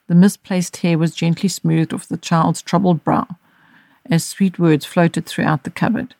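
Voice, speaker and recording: Woman gently narrating a story. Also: lowish voice, fairly even intonation, no room sound. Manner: measured, gentle reading. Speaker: audiobook narrator and podcast host.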